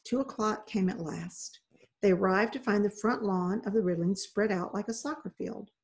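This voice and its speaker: A woman reading a children's novel aloud in a steady, measured way. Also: mid-range voice. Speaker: reader.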